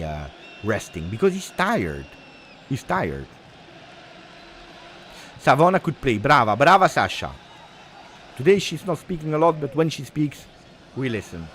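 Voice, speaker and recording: Excitable football reaction host. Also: male voice, slight background noise. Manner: excitable, switches from low asides to shouting celebration. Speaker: football watch-along host. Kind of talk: live match reaction and chat.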